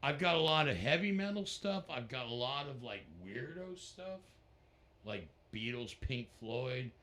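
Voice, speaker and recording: This middle-aged man speaks a little slowly at a medium pitch. As a guest musician in a casual interview, he tells stories with real animation, slipping into the voices of the people involved.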